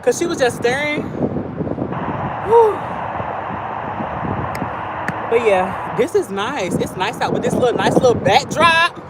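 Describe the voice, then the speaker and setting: A trans woman who lives in her car, chatting in slangy storytelling on a phone livestream while she walks outdoors in a field near a highway. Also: expressive, normal speed. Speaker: vlogger living in a car. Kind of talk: casual livestream chat. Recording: loud outdoor traffic noise. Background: highway traffic.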